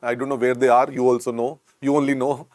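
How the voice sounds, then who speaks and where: A man's voice: mid-range voice, flat delivery, fast talker, darkish tone, no room sound, studio quality. A man with an Indian English accent teaching a medical exam class, repeating key points and coaxing his students with the word beta. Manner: repetitive, coaxing, keeps calling students "beta". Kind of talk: lecture.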